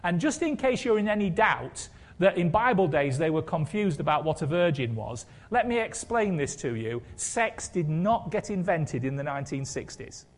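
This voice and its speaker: A man's voice: a little high, big pitch swings, moderate pace. A man preaching a sermon in a conversational way, with wry humour and rhetorical questions.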